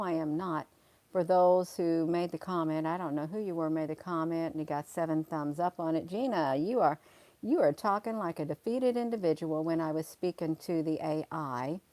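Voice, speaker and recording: A woman's voice: lowish voice, darkish tone, dry recording. A woman, hosting a casual livestream and talking emphatically and repetitively to viewers, calling them honey. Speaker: livestream host.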